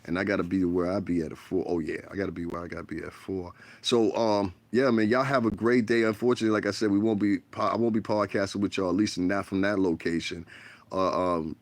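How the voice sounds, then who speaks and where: A man's voice: low-pitched, fairly even intonation, fairly quick. A man from the United States hosting a casual livestream from his bedroom, rambling frankly and profanely into a tablet. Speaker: livestream host.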